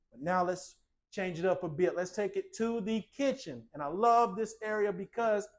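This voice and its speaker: A man's voice: high voice, darkish tone. A man hosting a walkthrough tour of a small home, talking in a playful, colloquial sales patter. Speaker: host giving a home tour. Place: indoors in a small tiny house.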